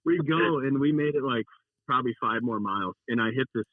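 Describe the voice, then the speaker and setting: Young man, casual storyteller, mid-pitch voice, tinny phone line, no room sound. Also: quick pace, dry recording. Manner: rambling storyteller, acts out his own quotes. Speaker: racer telling his race story. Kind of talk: casual call-in chat.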